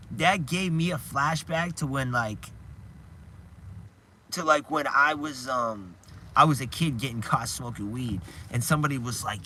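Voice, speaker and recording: A man speaks a little slowly on a live stream, his medium-pitched voice sharp in tone. Chatting casually, he rambles and restarts often, chuckling here and there while retelling scenes.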